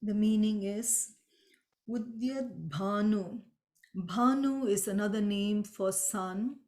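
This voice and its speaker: A woman teaching a Sanskrit chant, patiently explaining meanings and pronunciation step by step and chanting the lines slowly. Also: medium pitch, fairly even intonation, a little mellow. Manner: chants mantras slowly and drawn out. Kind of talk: slow spoken lesson with chanting.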